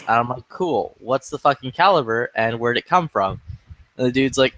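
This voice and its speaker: A man's voice: mid-range voice, moderate pace, a bit bright, a little hiss or hum. A man in a casual online voice chat, telling rambling, profane stories. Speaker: gamer in voice chat.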